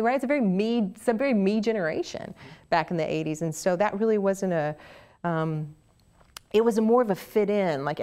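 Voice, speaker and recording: A middle-aged woman from Oklahoma with a Southern Oklahoma accent, telling stories in a casual interview, animated and chatty with many restarts. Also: fairly low pitch. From Oklahoma, USA. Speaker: interview guest, actress.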